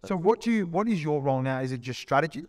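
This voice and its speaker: A man hosting a podcast, asking quick, chatty questions in a casual interview. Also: fairly high pitch, expressive. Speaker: podcast host.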